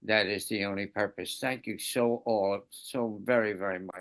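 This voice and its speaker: A man with a low, gravelly voice shares reflections on a group video call. He speaks earnestly and haltingly, restarting as he looks for words. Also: steady tone, fairly bright tone. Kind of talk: spiritual sharing on a group call.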